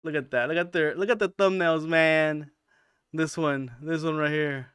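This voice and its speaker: A man's voice: on the high side, fairly even intonation, moderate pace, a bit bright, clean tone, dry recording, clean studio sound. A man hosting a channel, talking over clips in a hesitant way with many fillers. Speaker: channel host.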